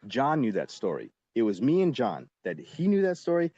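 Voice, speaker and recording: A man in his forties, a guest actor on a podcast, telling a casual and lively story with lots of fillers and the odd swear word. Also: mid-range voice, normal speed, lo-fi sound.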